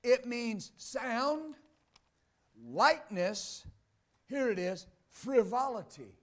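Delivering an exuberant sermon, a pastor alternates loud proclamations with quiet asides, breaking into laughter between points. He speaks very slowly in a very high-pitched, expressive male voice.

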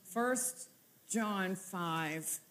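A woman's voice: mid-range voice, very slow. A woman preaching a sermon, repeating her phrases and building toward exultant declarations. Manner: repetitive, building to exultant shouts.

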